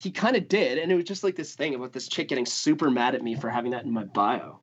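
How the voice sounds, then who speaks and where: A man, a guest musician spinning casual stories. He swears freely and leans on "like" and "dude". His voice sits in an ordinary mid pitch, and the recording sounds somewhat dull and lo-fi. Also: quick pace, husky. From Canada. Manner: loose and profane, heavy on "like" and "dude". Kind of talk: casual storytelling.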